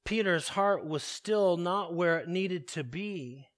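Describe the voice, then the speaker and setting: A man preaching a sermon, slow and deliberate, repeating his key phrases for weight. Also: sits high, fairly bright tone.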